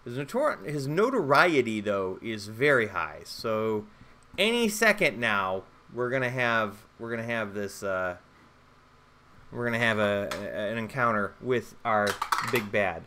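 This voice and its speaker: A man's voice: lowish voice, very animated, a little slow, pushed and bright, slight background noise. A man playing a solo tabletop role-playing game, rambling, joking and swearing as he goes. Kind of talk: casual solo play commentary.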